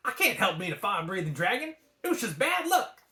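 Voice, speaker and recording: A man's voice: high voice, big pitch swings, brisk, sharp tone, voice pushed up, full character voice. A man doing a wisecracking storybook dragon. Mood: sassy. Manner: brash comic impression. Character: wisecracking fast-talking male dragon. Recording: echoey room.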